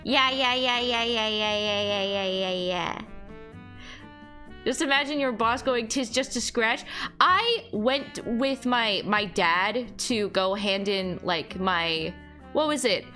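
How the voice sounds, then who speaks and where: A woman's voice: medium pitch, slow pace, pushed and bright, soft background music. A young woman streaming, chatting casually with her viewers, rambling with lots of fillers and laughing as she goes. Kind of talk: casual chat reading chat aloud.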